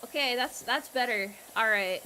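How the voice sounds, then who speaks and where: A young American woman chats with her stream audience, high and bright in pitch, loud and teasing one moment and falling to mock-quiet apologies the next. A faint hiss of noise sits under her voice. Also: normal speed. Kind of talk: casual game stream chat.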